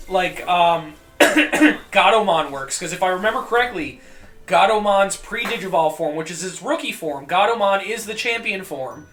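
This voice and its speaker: A man streaming a video game, rambling and joking with profanity, often coughing and clearing his throat. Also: sits high, pushed and bright, roomy sound. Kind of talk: casual gameplay commentary.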